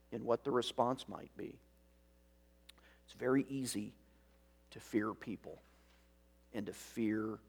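Man, pastor, sermon, measured delivery, rhetorical questions, dry asides, mid-pitched voice. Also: slightly rough. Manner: dry, self-aware asides.

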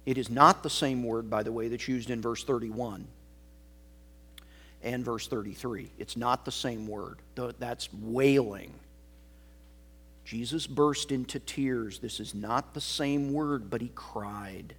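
A pastor preaching a sermon, swinging from loud emphasis to hushed, almost whispered words. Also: male voice, mid-range voice, steady tone, slow, husky.

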